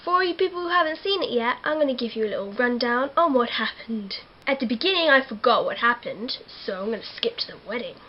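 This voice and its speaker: A teenage girl, excitably recapping a film to camera. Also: on the high side, fast talker, few pauses, muffled recording. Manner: giggly, excitable, acts out characters. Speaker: vlogger. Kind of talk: casual movie recap to camera.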